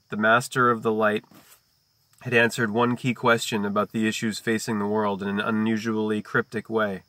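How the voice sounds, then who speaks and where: Low-voiced man musing over wordplay. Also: fairly bright tone, no echo. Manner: slow, deliberate wordplay and chant-like lists. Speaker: video host reading a book aloud. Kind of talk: reading aloud mixed with free-associating musings.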